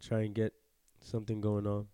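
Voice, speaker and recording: A man's voice: on the low side, monotone, normal speed, warm tone, clear, resonant tone, no room sound. A young man co-hosting a casual podcast chat, laid-back and swearing often, a bit congested. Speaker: podcast co-host.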